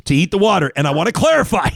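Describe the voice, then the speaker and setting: A man's voice: sits high, rapid-fire, gravelly, no echo. A man hosting a talk show, chatting casually and joking, with frequent laughs and read-out sponsor spots. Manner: animated, jokey, laughs often. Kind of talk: casual talk radio chat.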